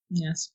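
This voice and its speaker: A woman player in a tabletop vampire game, wry and laughing often. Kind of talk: tabletop role-play chat.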